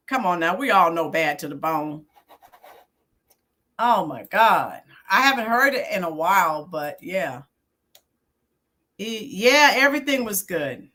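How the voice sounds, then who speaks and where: A woman's voice: on the low side, sing-song, a little slow, pauses often, pushed and bright. A middle-aged woman hosting her own channel, chatting casually with viewers live, reminiscing and answering them by name. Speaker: YouTube channel host and teacher. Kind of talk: casual live-stream chat.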